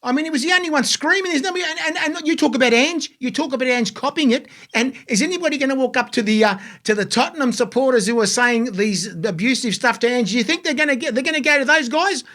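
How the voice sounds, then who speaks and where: A middle-aged man hosts a football talk show in a notably high voice. He talks in an exclamatory, indignant way, often repeating his words for emphasis. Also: fast, few pauses, bright, forceful tone. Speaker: host. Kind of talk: casual sports radio chat.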